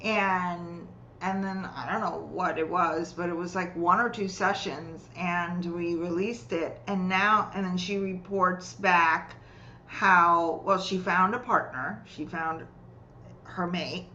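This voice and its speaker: A woman healer and coach, a guest, telling client stories in a lively way and acting out what people said. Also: fairly low pitch, takes it slowly, muffled recording, a little hiss or hum. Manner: lively, acts out quoted voices while telling client stories. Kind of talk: conversational storytelling.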